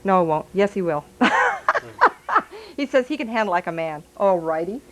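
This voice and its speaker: A woman's voice: fairly low pitch, expressive, normal speed, poor audio. A woman giving a live stage reading as a psychic medium, chatty and giggly, passing on messages aloud.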